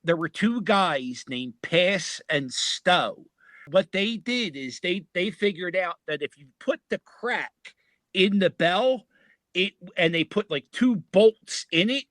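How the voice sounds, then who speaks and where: An American man with a Philadelphia accent, a podcast guest chatting casually and telling stories in an animated way. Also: high voice, slow, no room sound. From United States. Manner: animated storyteller, laughs often. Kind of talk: casual chat.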